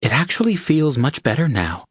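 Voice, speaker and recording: A man's voice: fairly high pitch, very animated, moderate pace, slightly rough, no room sound, studio quality, pitched above the performer's own voice. Man voicing an eager, yearning young woman. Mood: earnest.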